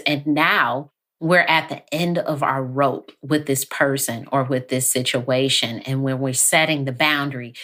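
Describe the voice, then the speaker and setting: Calm, slow-spoken low-voiced woman. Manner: calm, measured, acts out quoted lines. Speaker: therapist guest. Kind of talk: podcast interview.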